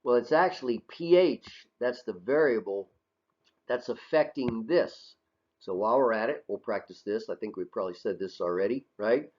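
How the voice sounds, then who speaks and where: A man teaching a recorded lesson, voice at an average pitch. He talks in a casual, conversational way, posing questions and then answering them himself. The audio is muffled and lo-fi. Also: animated, normal speed, darkish tone. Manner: conversational, asks and answers his own questions, frequent "right?". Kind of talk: recorded classroom lecture over slides. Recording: dull lo-fi audio.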